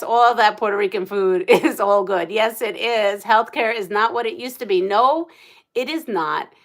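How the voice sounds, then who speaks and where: A middle-aged woman hosting a casual livestream, chatting in a rambling, animated way and reading out viewer comments. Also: on the high side. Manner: animated storytelling with gasps and laughs. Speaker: livestream host.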